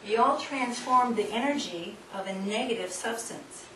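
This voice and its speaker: A woman with a fairly high voice runs a hands-on demonstration in front of an audience, coaxing volunteers and laughing often. She is heard from far off in a roomy, echoing hall. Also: normal speed, pushed and bright. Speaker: seminar speaker. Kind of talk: live workshop demonstration. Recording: distant, echoey room recording with noise.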